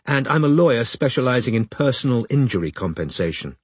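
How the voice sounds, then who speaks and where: A man's voice: medium pitch, big pitch swings, slightly rough, no room sound. A man doing a cautious young woman detective. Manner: cautious, polite, measured.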